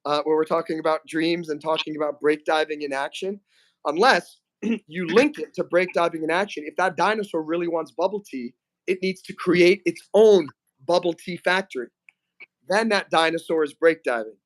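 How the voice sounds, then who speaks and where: A man hosting a casual live stream, reading out chat messages and talking to a guest, often clearing his throat. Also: on the high side, normal speed. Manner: chatty, reads chat aloud, frequent throat clearing.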